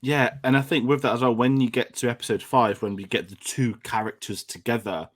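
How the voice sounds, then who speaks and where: A man's voice: mid-range voice, steady tone, a little fast. Rambling English man chatting about film. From England. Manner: rambling, with frequent restarts and fillers. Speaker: film discussion host. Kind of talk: casual film chat.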